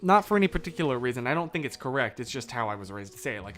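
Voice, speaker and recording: A man chatting casually on a livestream, rambling and cutting himself off, on a boom mic kept out of shot. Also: rapid-fire, few pauses, soft background music. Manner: rambling, animated, self-interrupting.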